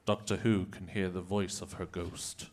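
Deep-ish male improv narrator. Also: flat delivery, moderate pace, darkish tone. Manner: narrates stage directions, chuckling. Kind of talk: live improv scene narration.

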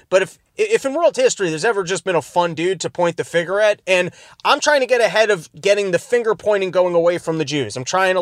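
A man's voice: sits high, dry recording, studio quality. A man hosting a podcast, giving rambling, sarcastic comedic commentary from his car. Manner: rambling, sarcastic, self-interrupting. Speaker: podcast host.

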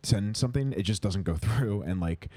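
A man's voice: lowish voice, lively intonation, normal speed, warm tone. A man co-hosting a podcast, talking casually and rambling with lots of fillers and restarts. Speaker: podcast co-host. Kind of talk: casual chat.

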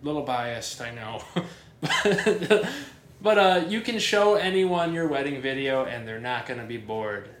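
Male podcast co-host, mid pitch, casual and self-deprecating, roomy sound. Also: animated, a little slow, fairly bright tone, slight background noise.

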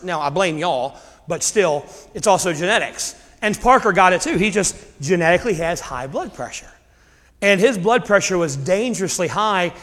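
A man's voice: high-pitched, a bit bright. A middle-aged man preaching a sermon as pastor, telling stories conversationally and rising into sudden emphasis. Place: church sanctuary. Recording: long hall reverb.

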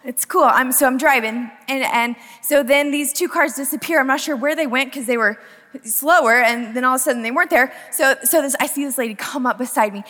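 A young woman giving a casual, storytelling sermon, chatty and animated, full of "like" and "um". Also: sits high, a little fast, long reverb tail.

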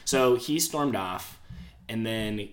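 A man's voice: lowish voice, slow pace. A man co-hosting a casual podcast, rambling and joking through a story. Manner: chatty, rambling, self-deprecating. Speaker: podcast co-host. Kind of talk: casual chat. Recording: mic covered in pantyhose.

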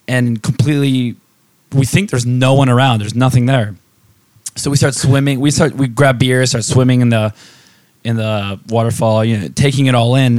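A man telling a rowdy travel story on a casual podcast, animated and loose with swear words. His voice sits at a middle pitch. The sound is dry and close, with no room around it. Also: dry recording. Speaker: podcast co-host.

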